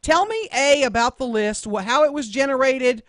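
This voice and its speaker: A woman's voice: sits high, animated, normal speed, a bit bright, no room sound. A woman hosts a morning radio show from a dry, close-miked studio. She asks direct, pressing questions. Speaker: radio talk show host. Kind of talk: radio interview.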